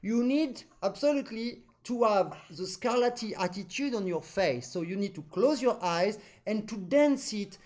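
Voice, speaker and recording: A man coaching an accordion student in a lesson, a native French speaker talking in animated, non-native English and humming musical phrases. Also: sits high, normal speed, few pauses. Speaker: accordion teacher. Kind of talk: masterclass coaching.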